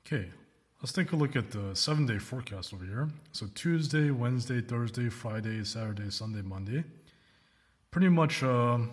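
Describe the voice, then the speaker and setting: A male English teacher giving a recorded lesson, slowing down to model example sentences and often checking in with "right?" and "okay?". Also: medium pitch. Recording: reverberant room.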